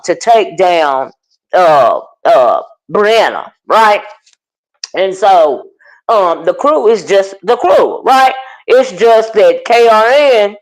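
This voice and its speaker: A woman's voice: medium pitch, poor audio. A woman hosting a casual commentary stream, chatting with her live viewers by name and reacting to online drama. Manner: chatty, animated, talks to her chat by name. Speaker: commentary channel host.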